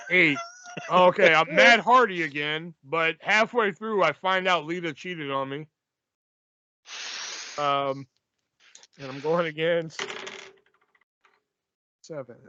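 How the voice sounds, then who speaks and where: High-voiced casual podcast host, man. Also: slow, long pauses, sharp tone, slight background noise. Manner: laughs often, runs the segments. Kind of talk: casual chat. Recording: dull lo-fi dry podcast mic.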